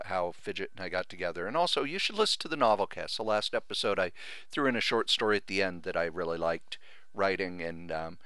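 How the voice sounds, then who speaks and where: A man's voice: lowish voice, fairly bright tone, clean tone, no echo. A middle-aged man hosting a podcast, talking earnestly and sentimentally, thanking friends and getting emotional. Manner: earnest, rambling, grows emotional. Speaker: podcast host. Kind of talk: heartfelt thank-you monologue.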